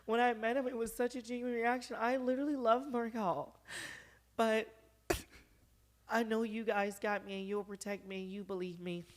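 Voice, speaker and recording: A man's voice: sits high, little pitch movement, normal speed, pitched above the performer's own voice, lightly acted. A man doing a mocking impression of a young woman gymnast crying on a livestream. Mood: mock tearful. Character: young woman gymnast, tearful and self-pitying.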